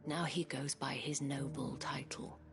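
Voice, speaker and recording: An actress playing a worried, articulate noblewoman who speaks formally, sometimes in a hushed voice. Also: extremely low pitch, steady tone, a little slow, music in the background. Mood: troubled. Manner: formal, eloquent speech, at times hushed.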